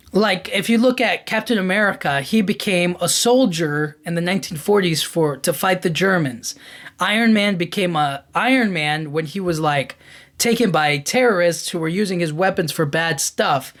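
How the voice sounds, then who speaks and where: A man hosting a podcast, giving a casual, animated film-review rant full of "like" and "you know what I mean". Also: high voice. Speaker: podcast host.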